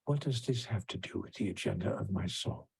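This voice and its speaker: A keynote speaker and author shares a personal story from the conference stage in a lowish, slightly quick voice that's gravelly, a bit mellow and slightly rough. His delivery is anecdotal: he keeps restarting sentences and acts out other people's voices.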